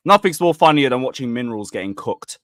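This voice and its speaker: A man's voice: mid-range voice, expressive, fast, fairly bright tone, no echo, studio quality. A man hosting a football live stream, ranting bluntly and angrily at his chat.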